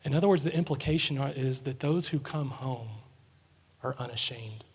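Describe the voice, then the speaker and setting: A man preaching a sermon, telling a family story with lively swings between quiet asides and loud, excited moments. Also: medium pitch, moderate pace, breathy edge. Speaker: pastor. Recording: long hall reverb.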